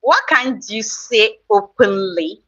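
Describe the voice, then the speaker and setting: This Nigerian-accented streamer chats casually with her viewers, teasing them as she reads out their comments. Her medium-pitched voice is animated, slow and fairly bright, captured by a distant mic in slightly dull lo-fi stream audio.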